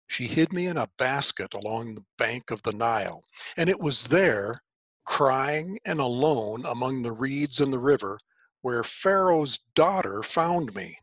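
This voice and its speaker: A man telling a story in the first person, unhurried, with dramatic pauses. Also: mid-range voice, fairly bright tone, no echo.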